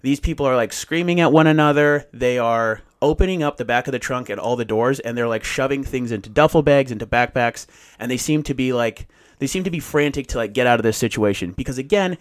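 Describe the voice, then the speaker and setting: A man's voice: mid-range voice, a little fast. A man casually telling a long story, swearing freely and acting out what people said. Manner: profane, animated storytelling with acted-out quotes. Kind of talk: casual chat.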